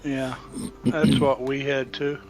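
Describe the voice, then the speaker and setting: A man in casual chat, mostly giving brief, relaxed replies and telling short stories of his own. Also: mid-range voice, slow, faint music behind, poor audio.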